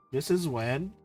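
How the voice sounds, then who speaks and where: A man from the Philippines hosts a casual chat with his viewers, excitable and quick to swear or laugh. His voice sits a bit high, and he talks at an unhurried pace. Faint music plays underneath. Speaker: streamer host. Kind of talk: casual chat to viewers about trip photos.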